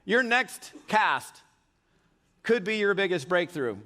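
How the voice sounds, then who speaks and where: A middle-aged man speaking from a stage at a live keynote, his voice pitched high for a man and ringing bright. He tells stories with energy and keeps turning to the crowd with questions. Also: takes it slowly. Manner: energetic storytelling with audience questions. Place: large event hall on stage.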